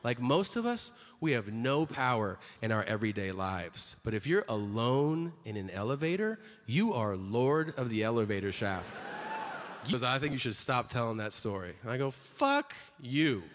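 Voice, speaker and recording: A man performing stand-up comedy on a theater stage, telling stories with animated delivery and jumping high for quoted voices. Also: normal speed. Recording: large hall with reverb, faint noise.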